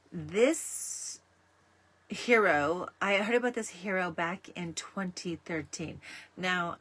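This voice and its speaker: A woman's voice: fairly low pitch, fairly bright tone, husky. A woman raised in Canada hosting a talk show, talking in a chatty, rambling way with frequent fillers. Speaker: host. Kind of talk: casual talk show monologue.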